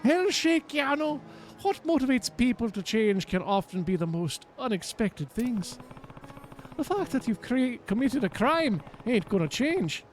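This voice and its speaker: A man's voice: very high voice, very animated, measured pace, soft background music, voice pushed up, full character voice. A man voicing a brash, swaggering pirate captain with boisterous mock pirate talk. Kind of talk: voicing game dialogue on a stream.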